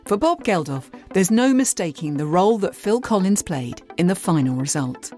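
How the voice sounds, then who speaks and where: An English woman presenting and narrating a documentary in a lively storytelling style. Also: fairly low pitch, normal speed. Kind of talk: scripted narration. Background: faint music.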